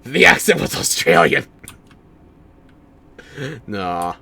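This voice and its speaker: A male streamer chats over his gameplay with a dry, sarcastic edge. His pitch swings a lot as he talks. He is at an average pitch for a man. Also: sing-song, extremely slow, vocal fry, sharp tone, slightly rough. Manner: wry, sarcastic, talks back to chat. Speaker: streamer playing a game. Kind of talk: casual gameplay commentary.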